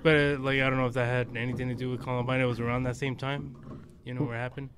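A man with a mid-pitched voice on a casual podcast, faint noise behind him. He rambles hesitantly and trails off often. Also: flat delivery, very fast.

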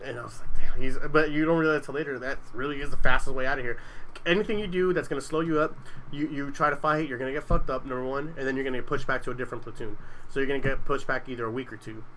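A man's voice: mid-range voice, steady tone, racing, fairly bright tone, a little hiss or hum, rough recording. A young adult man telling stories in casual chat, rambling and profane, with lots of restarts.

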